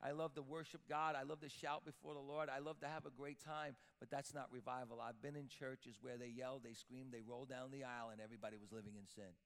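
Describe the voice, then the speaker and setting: A man's voice: mid-range voice, little pitch movement, fast talker, creaky, few pauses, fairly bright tone. A man preaching a sermon as pastor, emphatic, repeating words as he builds up. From Sicilian-Italian heritage. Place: church sanctuary with long reverb. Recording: reverberant church hall.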